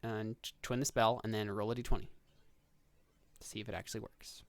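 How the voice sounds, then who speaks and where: A man running a tabletop game as dungeon master over a voice call, calmly calling out rolls and damage. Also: fairly low pitch, fairly quick, dry recording. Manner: relaxed, steady, calls out rolls and damage.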